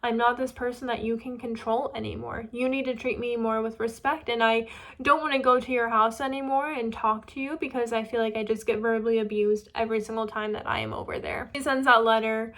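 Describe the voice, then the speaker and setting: A young woman runs a casual book-review conversation, recounting a story with lively energy and quoted asides. Her voice sits on the high side and moves fairly quickly.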